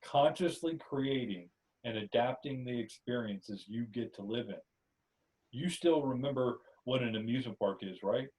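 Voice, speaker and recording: A man hosting a podcast, reading a spiritual story aloud in a steady second-person telling. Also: medium pitch, normal speed, recorded from a distance, rough recording. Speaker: podcast host, story narrator. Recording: voice somewhat off-mic.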